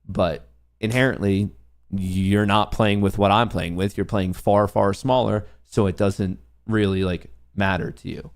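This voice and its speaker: A man's voice: fairly low pitch, fairly even intonation, a little slow, creaky. A young man hosting a live trading stream, ranting profanely at comments from his chat. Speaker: livestream trading host.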